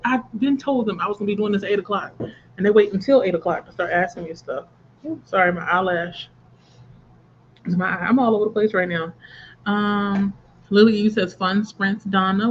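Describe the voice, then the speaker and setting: A woman's voice: mid-range voice, fairly quick, fairly bright tone, highs cut off, slight background noise. A woman hosting a book channel livestream, chatting casually, reading viewer comments aloud and laughing often.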